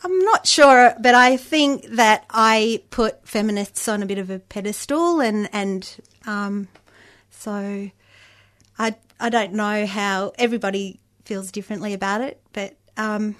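A woman with a higher-pitched voice, a panel guest talking hesitantly with many pauses and restarts. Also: fairly bright tone. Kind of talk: casual discussion.

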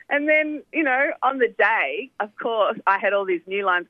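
A woman's voice: mid-range voice, moderate pace, few pauses, no room sound. A woman documentary filmmaker, talking animatedly on the phone with lots of "you know" asides. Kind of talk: phone interview, chatty storytelling. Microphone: telephone. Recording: tinny phone line, dry.

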